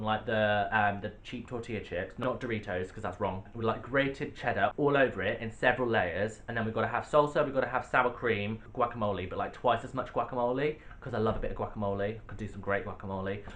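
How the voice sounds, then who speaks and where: A man's voice: fairly low pitch, a bit bright. A young man, a drag artist, answering fan questions in a casual vlog, playful and sassy with cheeky jokes. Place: home, sitting on a sofa.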